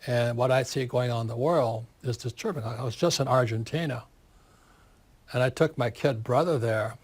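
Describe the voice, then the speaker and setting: A man in his seventies, an author giving an interview, talking in an animated, forceful way and repeating words for emphasis. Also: medium pitch, normal speed, breathy edge. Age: 70s.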